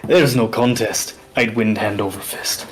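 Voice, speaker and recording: A man's voice: lowish voice, measured pace, faint music behind, pitched below the performer's own voice, lightly acted. A man playing a laid-back king who likes his drink. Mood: offhand. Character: easygoing male king, fond of drink.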